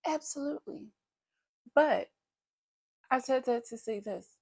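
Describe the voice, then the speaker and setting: Candid woman vlogger with a gravelly voice. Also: sits high, unhurried, a little mellow. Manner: candid, blunt, talks straight to viewers. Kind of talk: casual confessional vlog talk.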